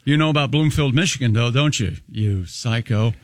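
A man's voice: mid-range voice, normal speed, no room sound, studio quality. A man co-hosting a morning radio show, reading letters and making crude teasing jokes in casual banter.

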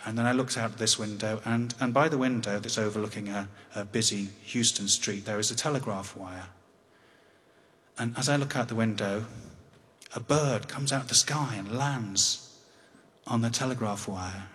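An English man in his fifties telling a personal story on stage in a wry, conversational way with halting restarts. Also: lowish voice, a bit bright. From England. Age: 50s. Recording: long hall reverb.

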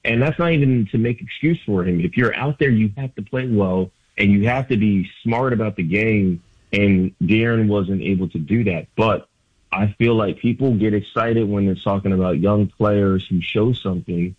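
A man's voice: fairly low pitch, normal speed, slightly rough, no room sound. A man calling in as a sports writer guest, talking basketball in loose, emphatic radio chat with lots of filler likes. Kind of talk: casual sports radio analysis. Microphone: phone line. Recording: tinny phone line, dry.

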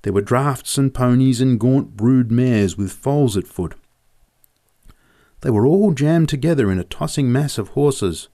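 A man reading a humorous memoir story aloud in a vivid, measured way. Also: mid-range voice, mellow.

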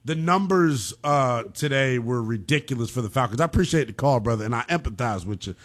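Animated, ranting sports radio host man. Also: mid-range voice, a little fast. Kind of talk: call-in sports radio talk.

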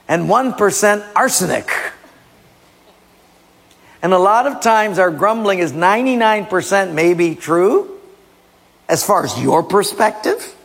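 A man preaching a sermon in an animated way, quoting scripture and acting out small scenes. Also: fairly high pitch, vocal fry, slightly rough. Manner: animated, acts out voices, quotes scripture. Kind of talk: sermon with acted skits. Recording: long reverb of a large hall.

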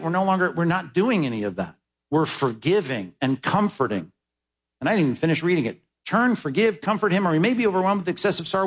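A man preaching a sermon as pastor, stressing words with sudden high, loud bursts and dropping to low, quiet asides. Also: slightly rough.

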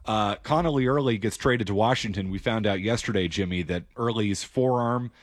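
A man hosting a call-in sports show speaks in a fairly low voice. He is brisk and opinionated. The studio sound is dry and close. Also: no echo. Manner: opinionated, brisk, takes calls. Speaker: sports radio host. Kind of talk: call-in sports radio talk.

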